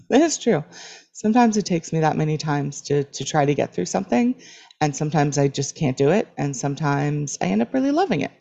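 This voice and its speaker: Gravelly, lively woman podcast host. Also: low-pitched, a little fast. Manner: easygoing, laughs often. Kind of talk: casual chat.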